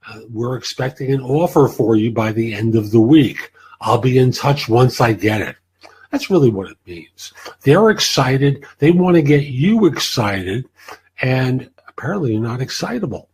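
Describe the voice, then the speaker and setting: Man, career advice host, husky voice, blunt and plain-spoken. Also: medium pitch, animated, a little slow, a little mellow, poor audio. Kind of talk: answering listener questions.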